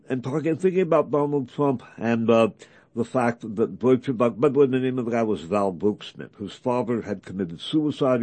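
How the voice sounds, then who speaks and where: A man hosting a talk program, reading article excerpts aloud in a halting way, with many fillers and restarts. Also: on the low side, darkish tone, no room sound. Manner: halting, many fillers and restarts, reads quotes with acted emphasis. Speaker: radio host.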